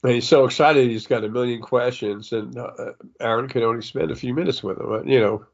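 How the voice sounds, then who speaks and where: An older man working as a psychic medium meanders through a spiritual monologue, sniffling, with many fillers and restarts. His mid-range voice runs a little fast, and the recording is muffled.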